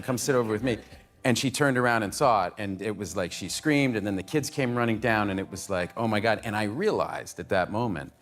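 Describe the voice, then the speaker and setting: A man on a talk show telling a relaxed, wry anecdote about his family. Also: lowish voice.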